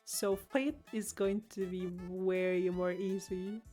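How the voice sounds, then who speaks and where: A woman's voice: mid-range voice, steady tone, takes it slowly, dark tone, soft background music. A woman streamer, chatting casually and playfully, reading chat aloud and giggling often. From Latin America. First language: Spanish.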